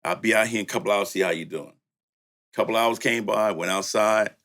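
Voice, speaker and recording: A middle-aged man with a Southern country accent, from Louisiana and raised in the Bay Area, tells stories as a guest in an interview about his work as a music producer. Laid-back and laughing, he acts out old conversations in a lowish, brisk, slightly bright voice.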